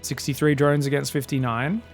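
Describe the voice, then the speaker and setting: Chatty Australian man with a gravelly voice. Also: mid-range voice, level tone, moderate pace, soft background music. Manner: chatty, rambling, joking asides. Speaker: esports caster. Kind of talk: casual live commentary.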